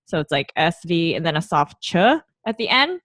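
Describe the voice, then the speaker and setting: A middle-aged woman chats as a podcast guest, rambling and giggling, and pokes fun at herself. Her voice is a little low for a woman. The sound is dry with no room echo. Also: sing-song, normal speed, a bit bright. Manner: giggly, rambling, self-deprecating. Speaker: guest, small business owner. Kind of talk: casual interview chat.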